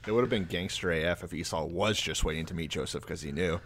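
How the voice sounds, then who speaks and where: Man, podcast host, sardonic, dry humor, fairly low voice. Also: fast, a bit bright, slight background noise. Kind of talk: comedic retelling, casual chat.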